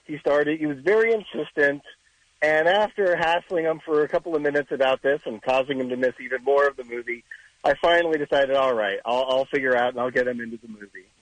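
A man calling in to a radio show, telling a story in a calm, even way. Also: mid-range voice, a little fast, no echo, poor audio. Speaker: caller.

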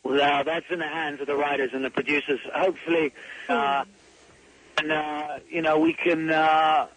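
Male actor from Britain, phone interview, hesitant and full of fillers, slightly higher voice. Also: little pitch movement, normal speed, fairly bright tone, rough recording. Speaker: actor guest.

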